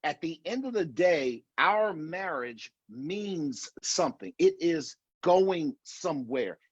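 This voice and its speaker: Middle-aged male speaker, husky slightly raised voice, earnest and repetitive, dull video call audio. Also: on the high side, lively intonation, slow, no room sound. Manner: earnest, repetitive emphatic delivery with restarts. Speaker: marriage conference speaker. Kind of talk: online conference talk.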